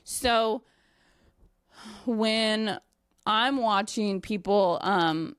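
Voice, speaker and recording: A young woman and dog trainer telling a casual story, animated, with many fillers and frequent swearing. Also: mid-range voice, very slow, smooth, dry recording, studio quality. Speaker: dog trainer and company owner.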